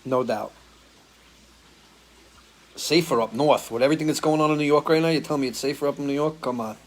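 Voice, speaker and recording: Casual musician chatting with viewers. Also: male voice, a little high, fairly quick. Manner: loose, swears freely, talks in restarts. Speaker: musician hosting a live stream Q&A. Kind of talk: casual chat answering viewer comments. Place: home, living in Florida.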